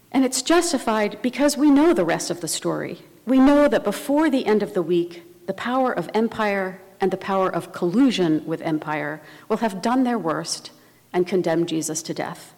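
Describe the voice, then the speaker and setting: A woman preaching a sermon in a measured, reflective way. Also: mid-range voice, darkish tone. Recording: long reverb of a large hall.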